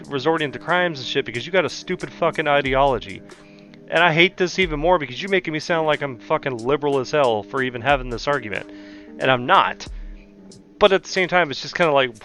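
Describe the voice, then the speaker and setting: A man's voice: medium pitch, a little fast, fairly bright tone, faint music behind. A young man from the American South, hosting a profane, heated commentary rant. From Southern United States. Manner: heated, exasperated, heavy swearing. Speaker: commentary channel host.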